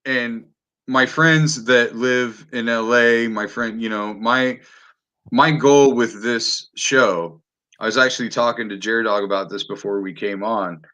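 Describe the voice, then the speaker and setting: A man's voice: medium pitch, fairly even intonation, a little slow, sharp tone. A man hosting a podcast, chatting casually and animatedly, swearing freely and often restarting his sentences. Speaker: podcast host. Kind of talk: casual chat.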